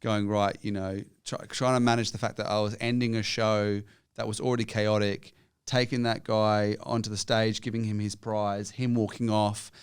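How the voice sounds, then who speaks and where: A young man chatting on a comedy podcast, sweary and excitable. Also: on the low side, normal speed, few pauses, clear, resonant tone. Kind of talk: casual chat.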